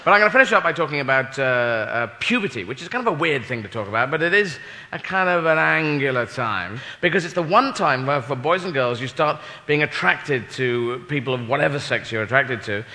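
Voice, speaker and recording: A man's voice: mid-range voice, lively intonation, brisk, bright, forceful tone, long reverb tail. A man doing a stand-up set with rambling, flustered storytelling. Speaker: stand-up comedian.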